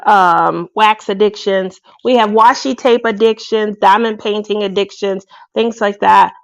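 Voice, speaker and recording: A woman's voice: medium pitch, vocal fry, dry recording. A woman hosting a craft video, chatting casually to her viewers and laughing often. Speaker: craft channel host.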